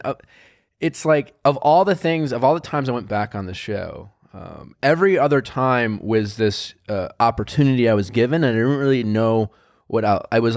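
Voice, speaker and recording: A man's voice: mid-range voice, no room sound. Guy hosting a podcast, rambly, lots of restarts, dry close mic. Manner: rambling, many restarts and fillers. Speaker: podcast host. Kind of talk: casual podcast chat.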